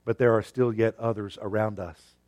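A man's voice: on the low side, fairly even intonation, moderate pace. Earnest male pastor preaching. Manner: earnest, swings from emphatic to hushed. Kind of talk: sermon.

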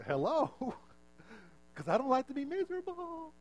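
A male pastor preaching a sermon in a conversational, self-mocking way, lowering his voice for asides and punchlines. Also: sing-song, normal speed.

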